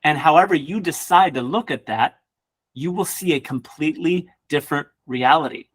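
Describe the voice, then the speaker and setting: A man who works as a real estate coach, giving an energetic motivational class with casual joking asides. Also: a little high, normal speed. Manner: energetic, acts out quoted people in voices.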